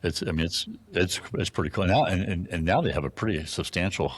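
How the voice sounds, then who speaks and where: Deep, husky man telling stories. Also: brisk. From Arizona. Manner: animated anecdotes, acts out other people's lines, frequent restarts. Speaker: guest, bowhunter. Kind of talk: casual storytelling.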